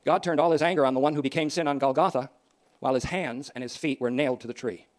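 A man preaching a sermon, swinging from loud emphatic declarations to soft, quiet asides. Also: mid-range voice, fast talker. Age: older.

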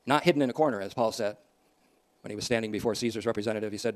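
A man preaching a sermon, swinging from loud emphatic declarations to soft, quiet asides. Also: on the low side, racing. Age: older.

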